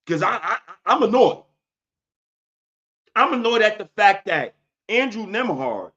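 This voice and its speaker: A man's voice: high-pitched, big pitch swings, a little slow, long pauses, sharp tone, muffled recording. Fired-up man ranting on a sports podcast. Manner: heated, fired-up, slangy and emphatic. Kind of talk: solo sports podcast rant.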